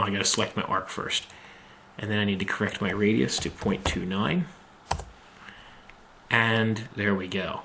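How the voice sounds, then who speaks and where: Male instructor, lowish gravelly voice, unhurried step-by-step CAD walkthrough, faint hiss and keyboard clicks behind. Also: a bit bright. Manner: slow, methodical, thinking aloud with many ums. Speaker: machining instructor. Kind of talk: screen-recorded software tutorial.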